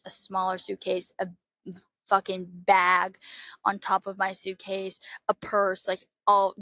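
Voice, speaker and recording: A young woman from Florida telling a travel story in a casual, animated, heavily profane way. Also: mid-range voice, no room sound. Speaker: podcast host.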